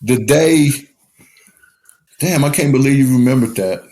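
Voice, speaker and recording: A man speaking as a podcast guest, his voice at an ordinary middle pitch. He tells his story in an open, unguarded way and swears freely. The studio sound is close and clear. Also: a little slow, mellow, a little hiss or hum. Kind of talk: casual recovery podcast talk.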